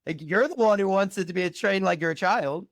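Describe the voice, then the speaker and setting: Man podcast host, higher voice, playful and bantering. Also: a little fast, gravelly, fairly bright tone, dry recording, clean studio sound. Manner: playful, joking. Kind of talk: casual interview chat.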